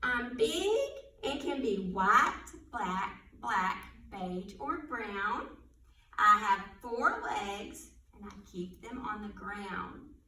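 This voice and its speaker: A woman leading a children's storytime, reading rhyming animal riddles aloud in a gentle, encouraging way and praising the answers. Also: medium pitch, expressive, drawn-out words, recorded from a distance, a little hiss or hum. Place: library room. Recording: echoey room, voice off-mic.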